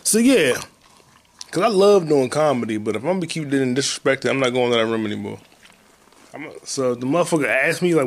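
A man hosting a solo podcast, a comedian ranting casually and profanely, with sudden loud outbursts. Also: medium pitch, lively intonation, quick pace. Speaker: podcast host and stand-up comedian.

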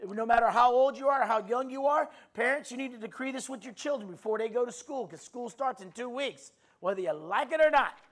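A man preaching a sermon, leading the congregation in loud, emphatic call-and-response declarations and repeating his phrases. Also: very high-pitched. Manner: emphatic, repeats phrases, stretches words slowly while shouting. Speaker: pastor.

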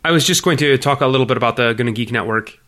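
A man co-hosting a podcast in an easy, mid-pitched voice on a studio mic. He teases his partner in a dry, joking way between the plugs and announcements. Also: rapid-fire, pushed and bright. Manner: dry teasing. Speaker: podcast co-host. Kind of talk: casual podcast chat.

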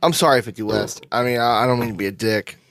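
A man's voice: medium pitch, quick pace, vocal fry, fairly bright tone, a little hiss or hum. A man with a Kentucky accent co-hosting a casual beer-tasting chat, blunt, teasing and swearing freely. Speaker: podcast co-host.

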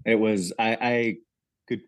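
Low-voiced excitable young co-host. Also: male voice, a little slow, no room sound. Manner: excitable, heavy use of "like" and "dude". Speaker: podcast co-host. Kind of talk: casual chat.

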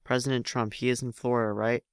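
A man's voice: mid-range voice, flat delivery, fast, clean tone, no echo, studio quality, close to an everyday voice. A man voicing a nervous middle-aged male governor who hesitates and stammers. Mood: tense.

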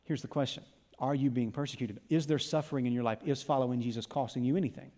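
A man preaching a sermon in church, impassioned, dropping to a hush and then rising to loud emphasis. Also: mid-range voice, steady tone, fast. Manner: impassioned, swings from hushed to loud. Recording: long reverb of a church hall.

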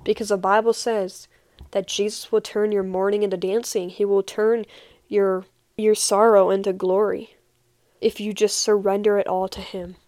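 Young woman, heartfelt faith testimony, earnest and emphatic, mid-pitched, dry close sound. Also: level tone, normal speed, a little mellow, dry recording. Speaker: podcast host.

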